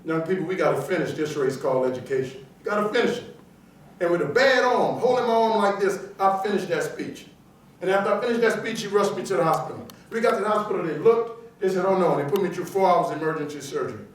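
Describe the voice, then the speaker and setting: A middle-aged man with a notably high voice delivers a punchy, emphatic motivational speech. He tells stories and jokes with his audience. He is picked up from a distance, and the sound rings through a large, very echoey auditorium. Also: expressive, fast, a little hiss or hum. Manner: punchy, emphatic, joking with the crowd. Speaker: motivational speaker. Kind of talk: animated motivational storytelling speech.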